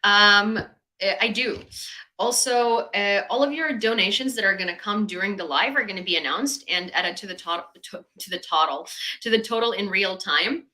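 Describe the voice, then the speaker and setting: A young woman from Ukraine hosts a casual livestream, chatting with many fillers and sarcastic asides. Her medium-pitched voice is bright and forceful, picked up by a desk mic on a low-quality recording.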